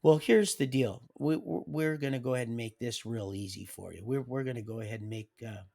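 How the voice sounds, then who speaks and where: A man's voice: mid-range voice, brisk, creaky, warm tone. A man doing a stern prison superintendent.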